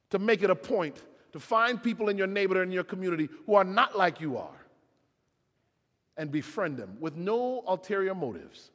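Man preaching in a church, voice a bit high, big loud-to-quiet swings, long hall echo. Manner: dramatic storytelling with big swings in loudness. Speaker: pastor. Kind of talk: sermon.

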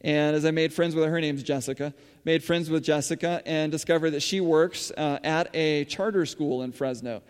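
A man with a somewhat high voice preaches in a relaxed, chatty way, with plenty of fillers and restarts as he tells his stories. The sound carries a long reverb from a church hall. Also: normal speed, smooth. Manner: conversational, with frequent fillers and restarts. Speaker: church speaker running a school farm. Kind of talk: sermon-style storytelling.

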